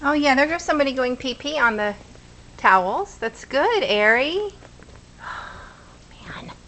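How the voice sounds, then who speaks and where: A woman's voice: high voice, expressive, a little slow, poor audio. A woman filming a litter of puppies at home, talking casually and cooing at them in baby talk on a camera mic. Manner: coos and baby-talks at the puppies. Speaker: puppy owner filming a litter. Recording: loud background noise, home video.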